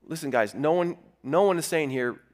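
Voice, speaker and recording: A middle-aged man preaching a sermon as pastor, earnest and conversational, telling stories with lively asides. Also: fairly high pitch, moderate pace.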